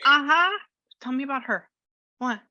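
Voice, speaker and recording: A woman's voice: high voice, normal speed, pushed and bright, no room sound, dull audio. A woman working as a spiritual medium, chatting casually with a client and relaying a spirit's words in quotes. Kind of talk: casual reading session with a client.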